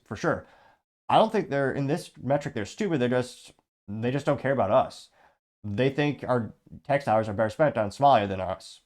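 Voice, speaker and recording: Running on plenty of coffee and clearly over-caffeinated, the host of his own political commentary show fires through viewer comments with blunt sarcasm at a rapid pace. His voice is medium-pitched and a little mellow.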